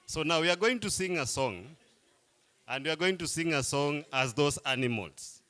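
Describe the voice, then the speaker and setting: A man's voice: a little high, lively intonation, normal speed, bright, forceful tone. A man, playfully coaxing a crowd as he leads a group icebreaker game at a live event. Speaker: workshop facilitator.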